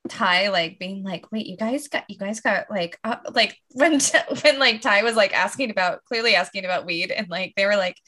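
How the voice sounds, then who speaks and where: Bright-voiced woman rambling in a casual chat. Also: medium pitch, normal speed, few pauses. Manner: rambling, heavy use of "like", restarts.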